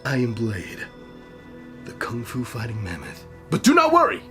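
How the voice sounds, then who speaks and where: Man playing a cartoon kung fu mammoth, deep gravelly voice, easygoing bravado, friendly. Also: huge pitch swings, normal speed, bright, forceful tone, soft background music. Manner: laid-back, easygoing bravado.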